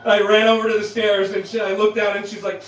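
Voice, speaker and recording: On a comedy club stage, a Trenton, New Jersey man delivers crude stand-up that pokes fun at himself, chuckling at his own material. He talks fast in a high, fairly bright voice with little variation in pitch. Picked up by a far-off mic, the sound is roomy and includes the audience.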